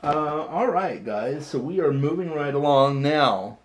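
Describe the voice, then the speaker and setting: A man's voice: fairly high pitch, expressive, unhurried. Chatty man rambling to camera. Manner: chatty, repeats words, self-deprecating asides. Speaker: vlogger showing his hat collection. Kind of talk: casual chat to camera.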